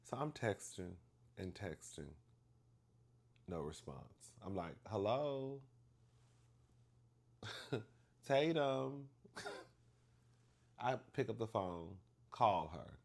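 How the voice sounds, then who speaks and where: A man telling a story to the camera in a chatty, animated way, acting out the dialogue with big emphasis and calling the listener "girl". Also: sits low, slow pace, gravelly, pauses often, breathy edge. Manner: acts out dialogue with exaggerated emphasis.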